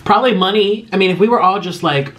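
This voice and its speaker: A man's voice: sits high, fast, fairly bright tone. A man vlogger eating on camera and rambling emotionally through fan questions in casual chat.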